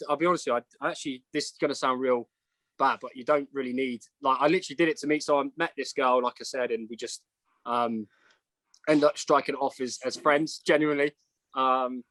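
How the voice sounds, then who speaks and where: A man's voice: medium pitch, a bit bright, no echo. An Englishman with an English accent, a rugby player guest chatting in a self-deprecating way over a video call. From England. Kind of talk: casual chat.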